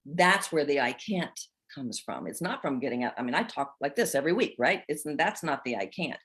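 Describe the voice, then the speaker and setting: Low-voiced woman in her sixties hosting. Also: a little fast. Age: 60s. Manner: expressive, acts out inner voices with laughter. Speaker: host of a women's group chat. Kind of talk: spiritual coaching talk.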